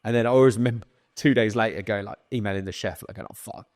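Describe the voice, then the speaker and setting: A young man, a podcast guest, casually telling a lively story, swearing and acting out the lines of the people in it. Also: on the low side, fast talker, dry recording, clean studio sound. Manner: swearing, animated retelling with quoted dialogue.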